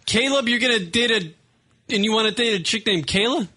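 A man's voice: high-pitched, normal speed, pushed and bright. A man hosting a comedy radio show, crude and mocking in casual banter.

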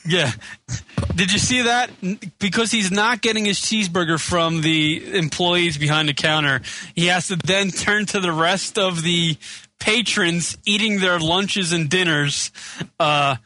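A man's voice: sits high, a little slow, sharp tone. A man co-hosting a radio show, chatting casually and profanely while laughing along. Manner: chatty, laughing, swearing freely. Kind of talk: casual, profane studio banter. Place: radio studio.

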